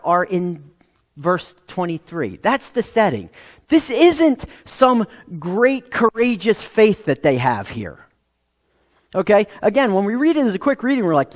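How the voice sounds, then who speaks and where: A man preaching a sermon as pastor, animated, acting out quoted voices and asking rhetorical questions. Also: high voice. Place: church sanctuary. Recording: long reverb of a hall.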